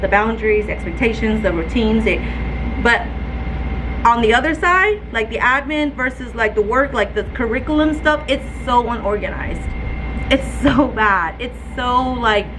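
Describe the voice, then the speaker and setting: A woman, a fourth-grade teacher, vlogging from her classroom with a phone, animated and laughing often, audibly stressed and frustrated. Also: a little high, moderate pace, background noise. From Texas. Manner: animated, laughs often, keeps addressing viewers as y'all. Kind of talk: casual classroom vlog. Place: indoor school classroom.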